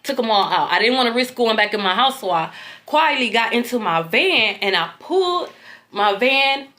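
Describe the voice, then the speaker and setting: Animated, bright-voiced woman telling a story. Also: a little high, normal speed. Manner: animated, talks straight to viewers, swears freely. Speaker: tarot reader recounting a dream. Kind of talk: casual storytelling to viewers.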